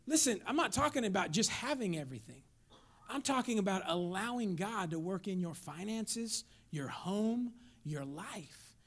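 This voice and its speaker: A male pastor preaches with a high, lively voice that climbs and dips across a wide range. His tone carries a gravelly edge. He moves from hushed asides to shouted lines and chats familiarly with the congregation. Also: moderate pace. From Mexican heritage, raised in the US. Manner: folksy, conversational with the congregation. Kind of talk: sermon.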